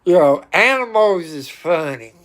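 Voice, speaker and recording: A man with a drawl chats at an unhurried, easygoing pace. His voice is bright and forward, with a fairly high pitch for a man, and he now and then stops to talk to his pets. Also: very animated. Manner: talks to his cats, sometimes scolding loudly. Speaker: livestreamer. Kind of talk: casual chat.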